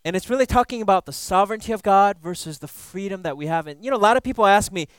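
High, smooth-voiced casual preacher man. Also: expressive, fast, a bit bright, no room sound. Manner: casual, frequent "you know" and "right?" asides; playful, laughs at his own jokes. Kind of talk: conversational Bible teaching sermon.

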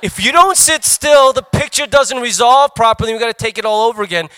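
A snooty young female technician scolds in slow, drawn-out, nagging phrases, put on by a man. The voice jumps well above his own and rings loud and bright. She sounds impatient. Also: extremely high pitch, expressive, clean tone, no room sound, faint music behind, voice pushed up, full character voice. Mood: scolding.

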